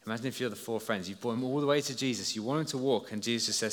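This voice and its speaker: A man preaching a lively story sermon to a congregation, addressing them directly and drawing them into the scene. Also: medium pitch, racing, few pauses. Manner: lively, storytelling, talks to listeners as "you". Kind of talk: children's talk sermon. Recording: long hall reverb.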